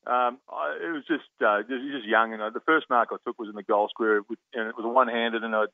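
A man's voice: medium pitch, fast talker, dry recording. A man with an Australian accent, a former footballer in his fifties, telling stories in a radio interview with plenty of restarts. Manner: animated storyteller with many restarts and laughs. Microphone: phone. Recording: tinny phone line.

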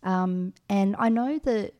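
Middle-aged woman, podcast co-host, frank casual advice, mid-pitched voice, lots of ums. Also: slow pace, mellow, dull audio. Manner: frank, many ums and restarts.

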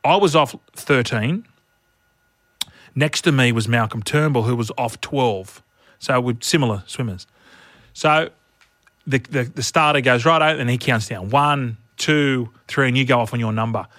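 A middle-aged podcast co-host with a mid-range voice tells a story in casual chat, animated and laughing through his lines. The recording is dry.

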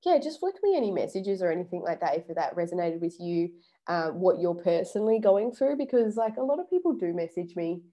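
Young woman, vlogger, casual chat, mellow warm voice, swears freely. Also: lowish voice, big pitch swings, a little fast. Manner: chatty, swears casually, acts out quotes. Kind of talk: casual self-help vlog.

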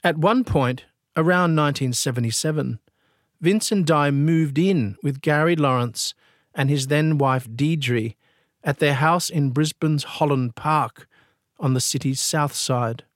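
A man narrating a true-crime story in a grave, deliberate, scripted delivery. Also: a little high, no room sound, studio quality.

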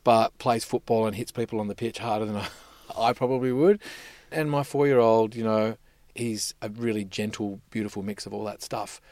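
A man's voice: on the low side, fairly even intonation, moderate pace, darkish tone, dry recording. A man on a podcast panel, telling stories about his sons in a reflective, rambling way. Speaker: podcast guest, voice-over artist. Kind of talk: casual panel chat.

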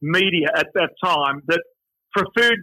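A man's voice: a little high, lively intonation, measured pace, pushed and bright, no echo, poor audio. A middle-aged man with a broad Australian accent, a guest telling stories in a conversational interview. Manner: anecdotal, chatty storyteller. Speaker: guest, finance and media figure.

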